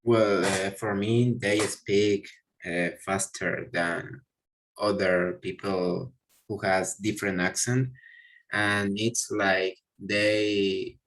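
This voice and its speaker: Slow, hesitant male student. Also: fairly low pitch, fairly even intonation, fairly bright tone, poor audio. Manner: hesitant, fills with "uh". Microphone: video call.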